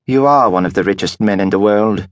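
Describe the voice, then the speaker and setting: A man voicing a tiny, guarded woman doctor with a mid-European accent, speaking softly and with measured care. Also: fairly low pitch, no echo, close to an everyday voice. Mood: cool, probing. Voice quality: soft-spoken, measured.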